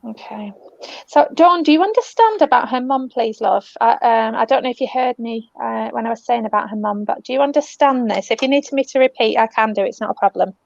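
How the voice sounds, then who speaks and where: British woman medium, gentle and soothing, slightly high, muffled dry recording. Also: brisk, creaky, no room sound. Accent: British English. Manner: gentle, soothing, calls people love and darling. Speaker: spiritual medium. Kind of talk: live online reading. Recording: dull, dry lo-fi audio.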